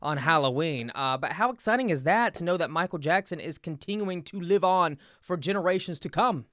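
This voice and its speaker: A man's voice: on the high side, lively intonation, a little fast, fairly bright tone, dry recording, studio quality. A man hosting a television talk show, asking questions in a playful, exclamatory way. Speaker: TV show host.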